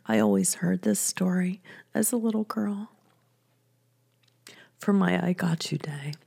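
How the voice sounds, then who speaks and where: A woman telling a personal story in a chatty, soft-spoken way, often laughing between sentences. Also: medium pitch, unhurried, gravelly, husky. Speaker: business coach and podcast host.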